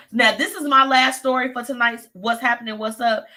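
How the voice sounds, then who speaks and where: Sassy bright-voiced woman host. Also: fairly high pitch, steady tone, fairly quick, few pauses. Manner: sassy, chatty, talks straight to listeners. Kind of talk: live show gossip commentary.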